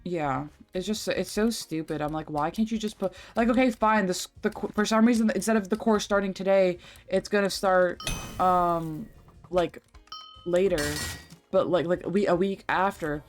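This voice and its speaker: A woman's voice: on the low side, moderate pace. A young adult woman streaming a game, chatting casually in a rambling, filler-heavy way and swearing freely. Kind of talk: casual gaming stream chat. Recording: faint game music behind. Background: faint game music.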